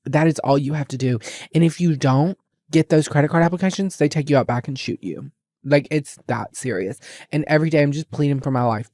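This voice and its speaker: A man's voice: on the high side, brisk, no room sound. Young man, sassy storyteller who acts out every line of dialogue; dry close sound. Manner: animated, sassy, dramatic reenactments of dialogue. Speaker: podcast host. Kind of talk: casual storytelling chat.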